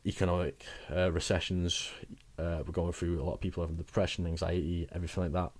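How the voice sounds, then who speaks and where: Young guy vlogging, low voice, rambly and chatty, laughs at himself. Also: level tone, fast talker, darkish tone. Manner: chatty, rambling, self-mocking with frequent laughs. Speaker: wellbeing vlogger. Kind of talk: casual advice vlog.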